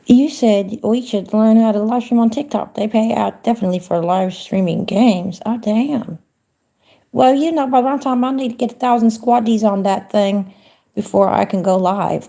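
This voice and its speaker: A woman's voice: medium pitch, moderate pace, vocal fry, mellow. A woman livestreaming from home in a folksy, chatty manner, talking to her viewers and to a phone voice assistant. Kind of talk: casual livestream chat.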